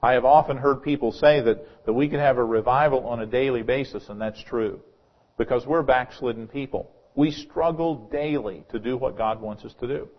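A man's voice: mid-range voice, normal speed, muffled recording. A male pastor preaching a sermon in a church, earnest, often repeating words as he starts a phrase.

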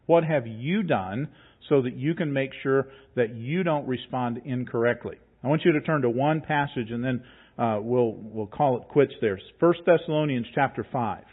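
A man's voice: medium pitch, normal speed, breathy edge. Pastor guy giving a sermon, chatty but emphatic, sounds like it's coming thru a phone line. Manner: conversational, emphatic, reads scripture aloud.

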